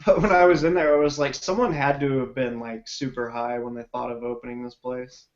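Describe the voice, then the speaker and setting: A man's voice: medium pitch, fairly even intonation, a little fast, muffled recording, slight background noise. Congested guy rambling on a stream. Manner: rambling, swears freely, laughs often. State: congested, stuffed-up sinuses. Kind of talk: casual chat on a livestream.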